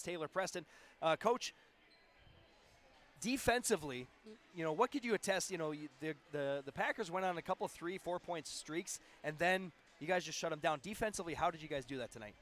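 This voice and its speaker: Man, sports broadcaster, post-game interview, rambling questions, fairly high voice. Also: a little fast, fairly bright tone.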